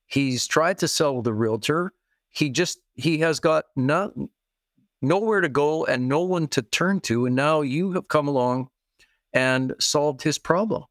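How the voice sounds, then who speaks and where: A man's voice: fairly high pitch, unhurried, dry recording. Man explaining real estate deals, dry sound. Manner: plain, repeats key phrases, acts out quoted people. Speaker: real estate investing guest expert. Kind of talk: interview, explaining with worked examples.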